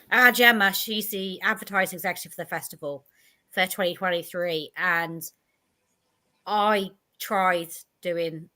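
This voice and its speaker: Bright-voiced, bubbly woman guest. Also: lowish voice. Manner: bubbly, laughs often, self-deprecating. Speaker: guest, festival organiser and medium. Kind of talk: casual interview chat.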